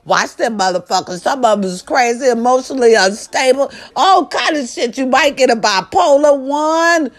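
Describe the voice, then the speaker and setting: A middle-aged woman chatting casually and loudly to her viewers, swearing freely and breaking into snatches of song. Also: high-pitched, moderate pace, few pauses. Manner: loud, profane and animated, with sung snippets. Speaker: live-stream host.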